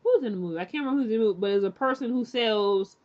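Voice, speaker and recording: A woman's voice: fairly high pitch, racing, highs cut off. A woman giving a casual, rambling recap of a TV episode, full of fillers and restarts, now and then acting out the characters' lines. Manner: chatty and candid, acts out characters' lines. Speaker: TV show recap reviewer.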